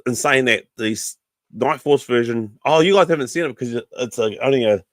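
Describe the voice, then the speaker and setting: A man's voice: mid-range voice, brisk, no room sound. A man with a New Zealand accent hosting a casual livestream podcast, rambling with lots of ums and chummy asides to viewers, his throat sore and catching. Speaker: podcast host.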